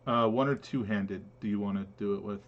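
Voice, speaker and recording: A man running an online tabletop game as game master, pausing often with fillers as he explains the rules. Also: fairly low pitch, muffled recording. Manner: hesitant, many filler pauses while explaining rules.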